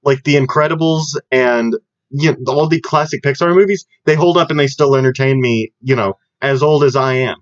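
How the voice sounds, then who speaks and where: This is a young man who talks in a loose, rambling way and jumps from one joke to the next. He sounds like he's chatting with a friend on a podcast. The audio is dull and lo-fi, and the sound is dry, with no room echo. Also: mid-range voice. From Southern United States. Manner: rambling, jokey, quick to laugh. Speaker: podcast co-host. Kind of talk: casual chat.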